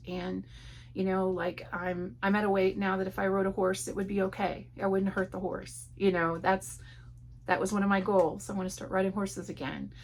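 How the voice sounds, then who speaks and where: A middle-aged woman catches her viewers up from home in a loose, meandering chat, circling back through little fillers and restarts. Her voice sits at an ordinary middle pitch with a noticeable gravelly fry. A faint hiss of ambient noise hangs behind her. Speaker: book channel host.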